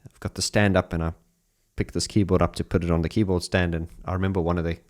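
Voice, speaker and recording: A man, a keyboard player, telling an anecdote in an animated, chatty way and laughing as he goes. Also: sits low, fast.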